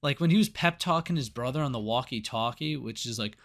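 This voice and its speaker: A man's voice: mid-range voice, brisk, a bit bright. A man co-hosting a casual movie review podcast, recapping the plot in a loose, swear-heavy way. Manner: casual, swears freely, lots of fillers. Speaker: podcast co-host.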